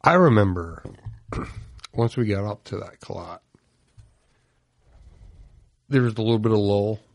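A man's voice: on the low side, slow, dry recording. A man, an army veteran, recalling a war story in laid-back, profane talk among friends.

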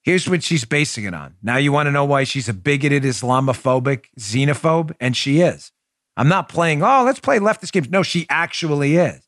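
A man's voice: medium pitch, normal speed, a bit bright, no room sound, clean studio sound. A man hosting a political commentary show, sarcastic and mocking, emphatic and heated, with jokey banter toward his co-host.

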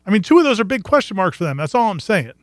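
Quick, matter-of-fact sports analyst man. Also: sits high, sing-song, no room sound, studio quality. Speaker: sports radio co-host and analyst. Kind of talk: casual sports talk radio.

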